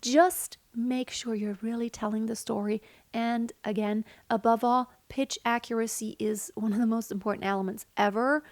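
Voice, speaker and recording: A woman's voice: on the high side, fairly even intonation, moderate pace, darkish tone, no echo. A woman singing teacher explaining vocal technique in an earnest, instructive way. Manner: earnest, instructive, sings examples between explanations.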